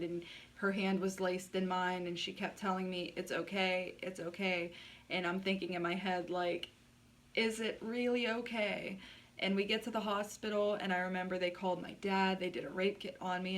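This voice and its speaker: A lowish-voiced woman, recorded from a distance, vlogs about something that happened to her. She tells it bluntly, curses freely, and leans heavily on "like."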